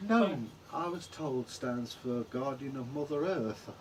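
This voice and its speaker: A man's voice: medium pitch, expressive, slow pace, slight background noise. Chatty rambling English man. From England. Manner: chatty, rambling, trails off mid-sentence. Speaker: vlog co-host. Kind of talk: casual chat.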